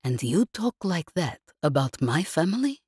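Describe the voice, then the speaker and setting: A woman narrator voices a cool, dangerous woman in an audiobook, husky and low, with a lively, swooping voice. She talks with measured, mocking calm. The studio sound is close and dry. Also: no echo, exaggerated voice. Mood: calm menace. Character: cool, dangerous woman captive, calmly menacing. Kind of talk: audiobook character reading.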